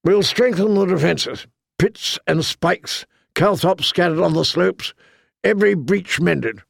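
Gruff old lord-commander, curt and commanding, a touch gravelly, read by a male narrator. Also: high voice, lively intonation, a little slow, no room sound, studio quality, voice pushed up, exaggerated voice. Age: older. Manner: brusque, decisive orders.

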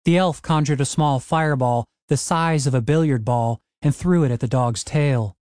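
A man narrating a comic fantasy audiobook in a wry, lively storytelling manner. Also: mid-range voice, moderate pace, no echo, studio quality.

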